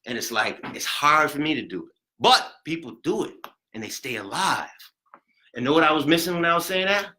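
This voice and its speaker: A man teaching a CPR class, chatty and rambling, counting compressions out loud and getting out of breath. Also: fairly high pitch, lively intonation, brisk, rough recording. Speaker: CPR instructor. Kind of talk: hands-on class demonstration.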